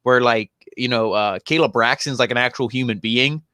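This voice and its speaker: A man's voice: medium pitch, bright, forceful tone, clean tone, no room sound, clean studio sound. A man co-hosting a wrestling review show, chatting casually and rambling with lots of fillers. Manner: rambling, filler-heavy, quick asides. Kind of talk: casual chat.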